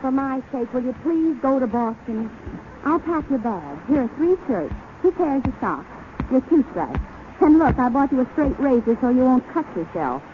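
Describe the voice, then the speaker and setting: A woman's voice: sits high, very animated, moderate pace, a little hiss or hum. A woman playing a bossy, scheming young wife in a radio comedy sketch, pushy and wisecracking, on a tinny 1930s broadcast.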